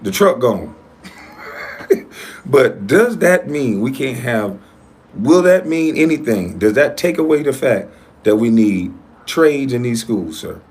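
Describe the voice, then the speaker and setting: A man hosting his own online show, ranting in a heated, profane and combative way, swinging between loud outbursts and low muttering. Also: very animated, slow pace, pauses often, breathy edge. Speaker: YouTube show host.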